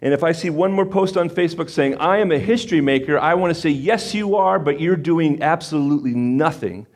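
A man's voice: a little high, brisk. A male pastor delivering a sermon in a chatty, conversational way. He gets fired up at times and makes fun of himself along the way.

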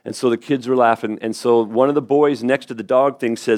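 A middle-aged man preaching a sermon as pastor, telling a story in a conversational way with quick asides and restarts. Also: medium pitch, fairly even intonation, darkish tone.

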